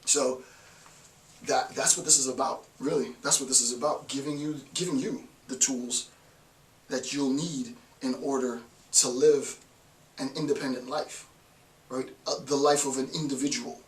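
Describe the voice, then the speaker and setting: A man's voice: mid-range voice, fairly even intonation, normal speed, distant mic. Emphatic man lecturing in an echoey room. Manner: emphatic, repeats "right?" often. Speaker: philosophy lecturer. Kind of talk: informal lecture.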